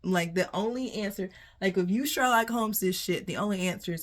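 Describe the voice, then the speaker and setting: Animated, laughing woman tarot reader. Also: mid-range voice, a little fast. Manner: animated, laughing often, swearing freely. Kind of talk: casual tarot reading to viewers.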